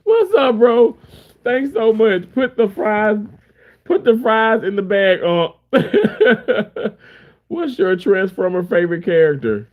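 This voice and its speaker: High, lively, slow-talking male streamer. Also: narrow, tinny audio. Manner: rambling, laughing, chatty. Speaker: livestreamer reading chat. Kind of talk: casual live-stream chat.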